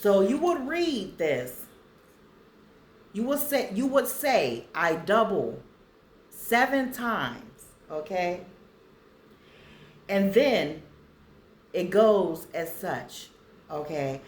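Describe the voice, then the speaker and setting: Slow, lively-voiced woman vlogger in echoey room. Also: medium pitch. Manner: slow, deliberate reading for viewers to copy. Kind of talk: casual vlog reading affirmations aloud.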